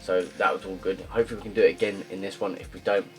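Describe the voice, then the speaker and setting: A young man giving casual, rambling commentary on his football game career, full of ums and uhs, with loud upbeat greetings. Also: low-pitched, level tone, very fast. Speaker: gaming YouTuber. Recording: faint guitar music behind.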